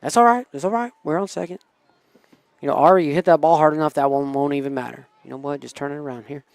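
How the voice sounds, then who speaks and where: A man doing casual, excitable play-by-play for a high school softball game, chatty and cheering the batters on. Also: fast talker, vocal fry, dry recording. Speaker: play-by-play commentator. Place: small school TV studio booth.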